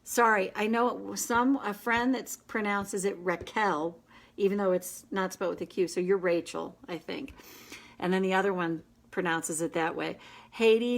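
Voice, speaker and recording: Woman coach chatting to her live group, a bit of gravel in her voice, earnest and kind, medium pitch. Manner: earnest, gentle and encouraging, with quick asides. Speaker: inner child tapping coach, host. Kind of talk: casual talk to a live online group.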